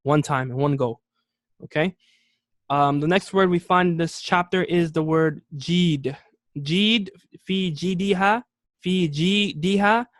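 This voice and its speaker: A man teaching an Arabic lesson, explaining words step by step, repeating key terms slowly and often checking in with "okay?". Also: on the high side, dry recording, studio quality. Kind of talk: classroom lesson.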